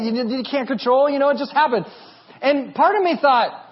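High-voiced pastor preaching with humor. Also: male voice, a little fast, highs cut off. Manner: animated, humorous storytelling. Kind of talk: sermon.

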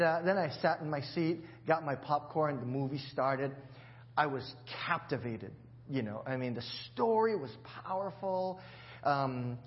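A man's voice: a little high, muffled recording. A man preaching a sermon in a church, in a chatty, joking way with many restarts. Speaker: pastor.

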